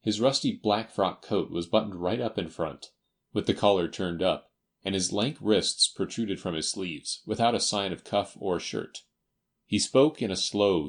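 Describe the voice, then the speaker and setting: A man narrating a classic novel as an audiobook, in an even, measured reading. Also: low voice. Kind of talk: scripted narration.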